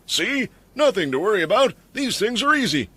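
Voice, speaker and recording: A cocky young archer with a shrill, high voice that leaps around wildly, as a male narrator puts him on. He brags and then turns whiny and defensive, in a fantasy story retelling. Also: sing-song, a little slow, a bit bright, no room sound, heavily acted. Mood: smug.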